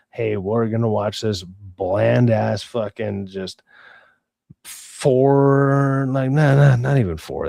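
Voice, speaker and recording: This lowish, slightly mellow voice with vocal fry belongs to a young adult streamer who rants in profane frustration, stammering through restarts and reading chat messages. The studio-quality sound has no echo.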